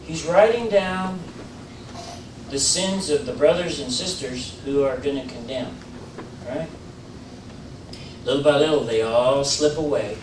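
A man giving an informal sermon in a church, talking in a conversational way with many fillers and restarts, rising into animated emphasis. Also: medium pitch, unhurried, pauses often, slight background noise. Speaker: preacher. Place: church sanctuary. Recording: roomy church audio, mic at a distance.

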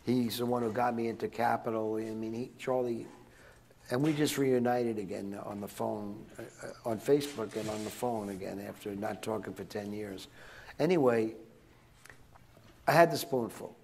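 A man's voice: on the low side, moderate pace, vocal fry, a little mellow, a little hiss or hum. An older man speaking as a guest to students, telling rambling, digressive stories with frequent restarts and chuckles. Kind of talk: rambling anecdotal storytelling to students. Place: in front of a live audience.

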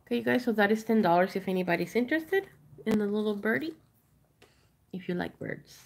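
A woman's voice: a little high, a little fast, gravelly. A woman chatting casually while she shows and prices jewelry on a live sale stream. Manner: chatty, rambling, showing items up close. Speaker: online jewelry seller.

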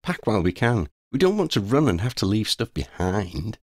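A man voicing a calm, earnest teenage wizard boy in an audiobook, his voice lifted well above his own. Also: fairly low pitch, moderate pace, no echo, studio quality, pitched above the performer's own voice.

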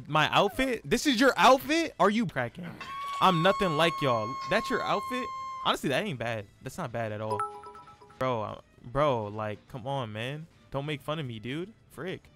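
A young man streaming live gameplay, chatting in an excitable, slangy, self-mocking way. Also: on the high side.

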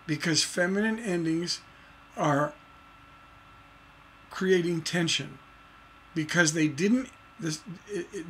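Man teaching songwriting, slightly high voice. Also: fairly bright tone, slight background noise. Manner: explains with many fillers and restarts, sings out rhythms in nonsense syllables. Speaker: songwriting instructor. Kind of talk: livestreamed songwriting lesson.

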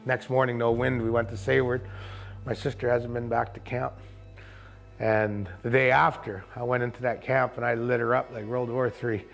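A man who runs a kayak camp and tour boat, telling a first-person story in a vivid, colloquial way with quick asides. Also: mid-range voice, level tone, gravelly, soft background music.

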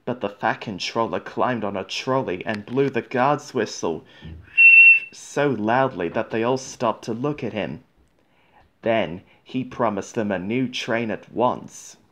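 A man reads a children's storybook aloud, gentle and measured. His voice is fairly low and his delivery is very slow and clear. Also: slight background noise.

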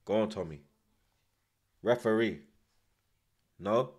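A man with a lowish voice hosts a football watchalong, giving live reaction commentary at a slow pace. He swears heavily, shouts in frustration, and barks short, repeated commands. A slight hiss or hum sits under the recording.

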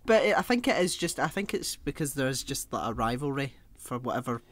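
Man, jokey sweary podcast chat, lively pitch, faint background noise. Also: a little fast. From Britain. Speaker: podcast co-host. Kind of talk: casual chat.

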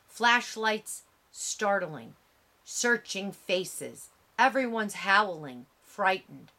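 A woman narrating an audiobook with a measured, dramatic reading. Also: on the low side, pushed and bright.

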